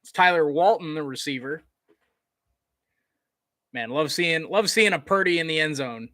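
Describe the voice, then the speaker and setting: A man giving casual live play-by-play commentary on a college football game, chatty, with fillers, getting excited on big plays. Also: on the high side, normal speed, dry recording.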